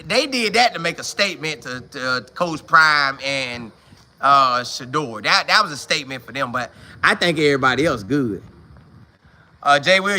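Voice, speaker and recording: A man hosting a casual sports talk show, talking straight to his viewers in an excited, slangy way and repeating his lines for emphasis. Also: on the high side.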